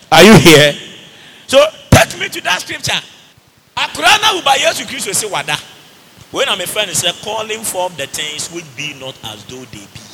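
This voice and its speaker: A man with a Ghanaian accent preaching a fervent sermon in Twi and English, shouting declarations between playful asides. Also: sits high, long reverb tail, a little hiss or hum.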